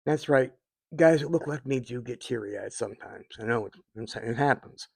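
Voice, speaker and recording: Gravelly-voiced man in his fifties. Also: medium pitch, moderate pace, no echo. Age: 50s. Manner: rambling and heartfelt, with many fillers and restarts. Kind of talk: casual personal talk to viewers.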